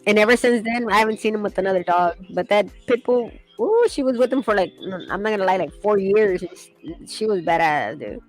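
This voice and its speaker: A woman's voice: mid-range voice, expressive, a little fast, hardly any pauses, soft background music, rough recording. A woman in casual chat, telling rambling stories with frequent laughter and casual swearing. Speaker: streamer chatting while sketching.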